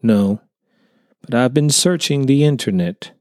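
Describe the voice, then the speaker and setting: A man's voice: mid-range voice, animated, measured pace, a little mellow, dry recording, clean studio sound, lightly acted. A man voicing an earnest young contractor who tells his story hesitantly in a storybook reading. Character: earnest younger male contractor, unsettled by a sighting.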